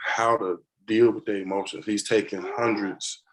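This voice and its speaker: A man talking as a podcast guest in a casual conversation, an animated storyteller who laughs often. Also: fairly low pitch, normal speed, poor audio.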